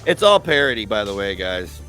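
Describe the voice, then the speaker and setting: A man's voice: on the low side, big pitch swings, brisk, pushed and bright, faint music behind. A man ranting on a livestream in a profane, mocking, sarcastic way. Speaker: streamer.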